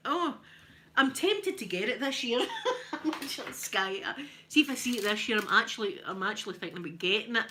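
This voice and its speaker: Chatting informally on a live stream, a woman from Scotland laughs frequently and teases herself as she addresses her viewers. Her medium-pitched voice comes across pushed and bright.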